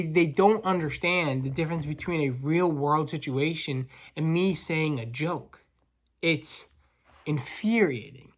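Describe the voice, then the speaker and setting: A man's voice: on the high side, fairly bright tone, lo-fi sound. A man hosting a podcast, ranting crudely and combatively with frequent stumbling restarts. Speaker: podcast host, welder. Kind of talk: profane comedic rant.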